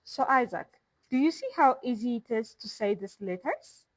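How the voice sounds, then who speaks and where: A woman hosting a language channel, slowly sounding out letters and syllables in a pronunciation lesson. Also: fairly high pitch, expressive, no echo. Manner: slow, careful, sounding out each syllable. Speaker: language teacher and channel host.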